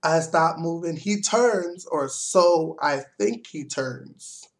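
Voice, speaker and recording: A young man vlogging, telling a story in a heavily profane, animated rant. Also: fairly high pitch, slow.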